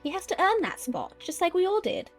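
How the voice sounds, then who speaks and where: A woman's voice: extremely high pitch, big pitch swings, fairly quick, faint music behind. A woman playing a tabletop game, hesitant and a bit stammering. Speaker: player. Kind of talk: casual tabletop role-play.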